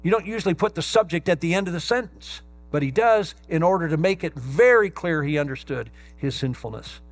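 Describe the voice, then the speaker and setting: A male pastor preaching a sermon, stressing key words slowly and emphatically. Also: on the high side, expressive, slight background noise.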